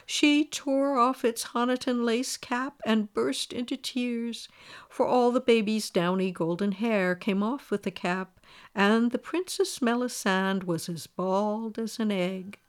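Smooth-voiced woman reading a fairy tale. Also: fairly high pitch, takes it slowly. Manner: lively, expressive. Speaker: storyteller. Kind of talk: fairy-tale read aloud.

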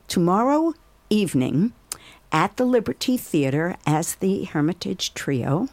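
Lively, slow-talking woman host. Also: lowish voice, no room sound. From Brooklyn. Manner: chatty, laughs at herself. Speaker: radio host. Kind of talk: casual interview.

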